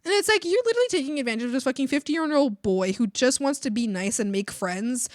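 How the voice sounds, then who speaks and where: A young woman streamer venting to her chat in a casual, profane, animated rant, mocking other people's voices as she goes. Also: high-pitched, fast, no echo, clean studio sound. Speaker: art streamer. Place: home streaming setup.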